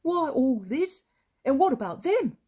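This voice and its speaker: A woman's voice: sits high, very animated, measured pace, dark tone, voice pushed up. A woman voicing anxious poor peasant men who fret over the cost of a meal. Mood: alarmed. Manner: alarmed and fretful.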